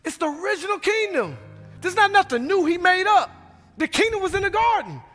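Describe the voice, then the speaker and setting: A middle-aged pastor preaching a sermon in a church, swinging from hushed lows to loud, emphatic peaks. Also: male voice, big pitch swings, a little fast. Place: church sanctuary. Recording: reverberant hall with music behind.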